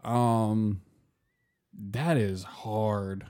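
A man's voice: on the low side, very slow. A man chatting casually on a podcast, telling rambling, profane stories full of "like" and playful asides. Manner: animated, profane storyteller who hedges with "like".

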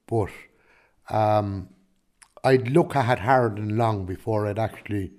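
A man's voice: fairly low pitch, unhurried, a little mellow. A man with a Kilkenny Irish accent, a farmer answering interview questions in a rambling, chatty way, full of restarts and "do you know what I mean". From Ireland.

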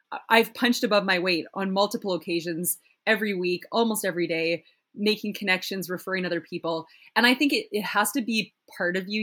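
A woman in casual conversation, telling stories with animation and slipping into the voices of people she quotes. She speaks as a tech founder talking with a friend. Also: lowish voice. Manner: animated storytelling, acts out quoted exchanges.

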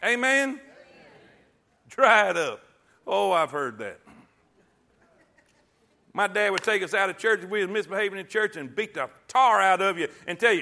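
A middle-aged man preaches in a church, his voice sitting very high and ringing bright. He talks in a folksy, call-and-response way, asking the room for amens and telling homespun stories. He rises into loud bursts when he voices what God says. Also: expressive, normal speed, creaky, long pauses. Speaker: pastor. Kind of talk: sermon. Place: church sanctuary.

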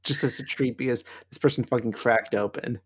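A man's voice: medium pitch, steady tone, a little fast, a bit bright, breathy edge. A man narrating as game master of a tabletop game, with dry, exasperated asides.

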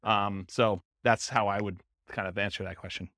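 A man's voice: lowish voice, fairly even intonation, pushed and bright, dry recording, studio quality. A man teaching a live class on real estate investing, answering a question conversationally and asking himself rhetorical questions. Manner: fast, conversational, thinks aloud with rhetorical questions.

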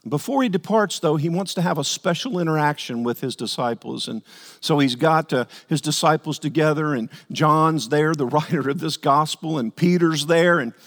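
A man's voice: on the high side, moderate pace, fairly bright tone. A male pastor preaching a sermon earnestly, repeating words as he builds his points and acting out the quotes. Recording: long hall reverb.

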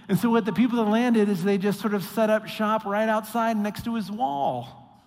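A man preaching a sermon, acting out quotes with mock voices in an animated way. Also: sits high, brisk. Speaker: pastor. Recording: long hall reverb.

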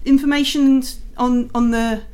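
Woman playing a brisk old lord, fussy, formal, hurried. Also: high-pitched, steady tone, darkish tone.

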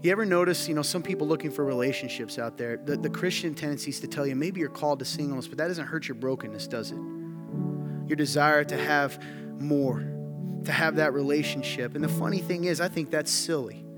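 A man's voice: a little high, a little fast. A man preaching a sermon to his congregation, talking in an earnest, conversational way that rises to emphatic. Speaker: pastor. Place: church sanctuary. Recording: music playing underneath.

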